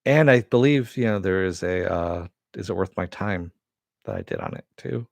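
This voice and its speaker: A man's voice: deep voice, big pitch swings, moderate pace, vocal fry, dry recording. A man hosting a casual live-stream chat, answering viewers and swearing now and then. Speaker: host.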